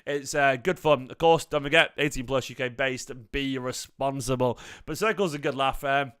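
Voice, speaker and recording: A man's voice: medium pitch, normal speed, fairly bright tone, smooth. A young man hosting a football fan live stream, chatting casually and rambling as he greets viewers from the chat. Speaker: fan channel host.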